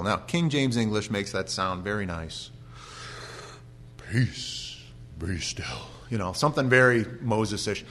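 A male pastor giving an animated sermon with humorous stories and frequent restarts. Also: fairly low pitch, a little hiss or hum.

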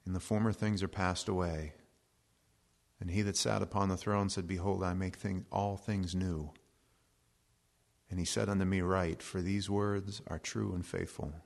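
Male pastor, low gravelly voice, easygoing joking sermon delivery. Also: flat delivery. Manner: conversational and joking, reading scripture slowly.

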